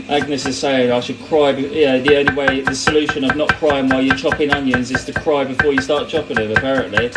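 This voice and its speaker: A man's voice: medium pitch, rough recording. A man hosting a casual cooking livestream, chatting and rambling as he answers viewer comments. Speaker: cooking host. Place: kitchen.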